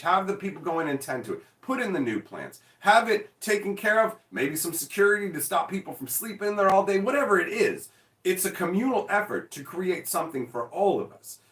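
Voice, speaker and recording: A lively, fairly high-voiced man swings his pitch all over while he acts out stories in mock dialogue and swears without restraint. He sits back from the mic in an echoey room. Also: recorded from a distance. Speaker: show host. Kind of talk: casual chat.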